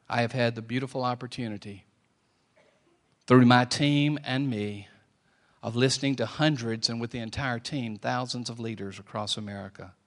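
A middle-aged man preaching a sermon, telling a personal story and swinging from quiet, slow lines to loud ones. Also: mid-range voice. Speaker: pastor.

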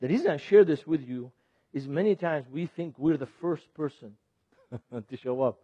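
Man, sermon-style teaching, husky voice, animated, asks the audience questions, dry lo-fi sound. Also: on the high side, moderate pace, no room sound. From Lebanon. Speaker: ministry speaker. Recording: dull, dry lo-fi recording.

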